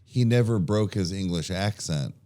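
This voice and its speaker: Low-voiced dude rambling on a podcast, lots of restarts and casual swearing. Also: male voice, animated, moderate pace, darkish tone. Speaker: podcast co-host. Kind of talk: casual chat.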